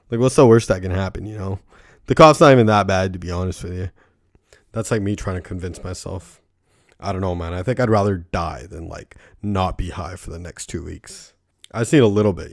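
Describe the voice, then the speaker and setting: A young man hosts his podcast alone in a low, deep-set voice, recorded close and dry with no room sound. He rambles loosely, swears constantly and fills his talk with "like" and "right?". He often laughs at his own stories. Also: dry recording. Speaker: podcast host. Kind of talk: casual solo podcast monologue.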